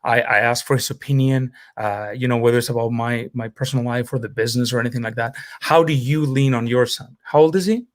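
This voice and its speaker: A man of middle pitch hosts a podcast and tells a personal story in an earnest way. His speech is full of small fillers and pauses. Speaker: podcast host. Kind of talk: casual interview chat.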